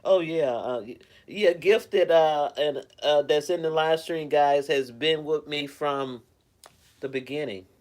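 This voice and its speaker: A man's voice: fairly high pitch, slow, a little mellow. A man chatting casually at home on a live stream, rambling in a caring way and greeting viewers by name. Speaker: live streamer reading chat.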